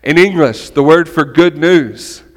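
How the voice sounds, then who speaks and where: A middle-aged man giving a conversational sermon as a pastor, animated and often checking in with "right?". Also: on the high side, unhurried. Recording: long hall reverb.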